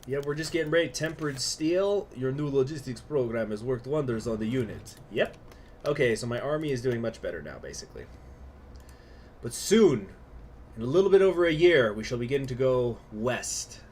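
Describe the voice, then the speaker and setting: Man, mid pitch, casual game streamer muttering plans aloud. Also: lively intonation, a little fast, a little mellow, a little hiss or hum. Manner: talks to himself, muttering plans, occasional swearing. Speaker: host. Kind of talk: casual gaming livestream commentary.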